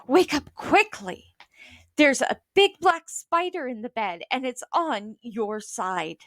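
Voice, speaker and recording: A woman's voice: medium pitch, lively intonation, takes it slowly, gravelly, a bit bright, no room sound, full character voice. Woman doing a sneaky little girl trying to sound scary and urgent, kids story.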